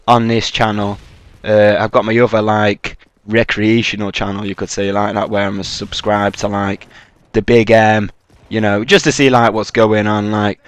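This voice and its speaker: A young man talks over his own gameplay in a loose, freestyle way. He rambles, swears freely and leans on fillers, and his voice sits at a middling pitch. The sound is dry and close, like a headset mic. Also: fairly bright tone, dry recording. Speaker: gaming commentator. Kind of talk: casual freestyle game commentary.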